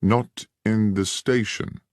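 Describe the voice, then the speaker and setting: A male narrator voicing Sherlock Holmes as a keen, incisive detective who questions in a crisp, measured way. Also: lowish voice, fairly even intonation, no room sound, clean studio sound, voice pushed up. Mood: probing.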